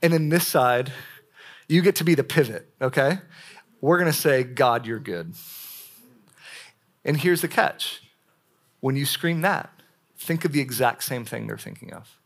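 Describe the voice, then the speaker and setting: A young adult man preaching a sermon to a room of young adults, in a lively, conversational style full of "like"s and questions to the audience. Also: medium pitch, measured pace, long pauses. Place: church meeting room with a live audience.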